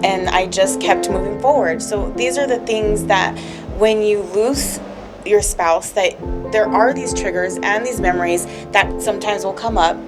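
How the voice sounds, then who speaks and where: A woman sharing a personal story in a candid podcast chat, her talk loose and full of "like" and "um". She speaks in a middling voice, earnest and close to tears at times. Music plays clearly behind her. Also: mid-range voice, measured pace. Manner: heartfelt, tearful at times, rambling with many fillers. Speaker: podcast co-host.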